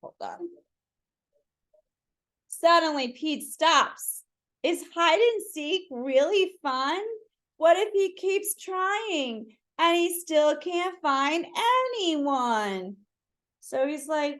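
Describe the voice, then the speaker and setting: A woman reading a picture book aloud to children, pausing to ask listeners to fill in the words. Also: high-pitched, expressive, fairly bright tone. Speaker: children's story reader.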